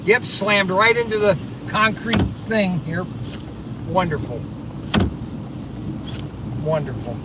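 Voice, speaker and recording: High-voiced man muttering while driving. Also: fairly even intonation, unhurried, few pauses. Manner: exclaiming and muttering to himself, sarcastic. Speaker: livestream host. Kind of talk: rambling live-stream chat while driving. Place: inside a car on the highway. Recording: distant mic with loud road and wind noise.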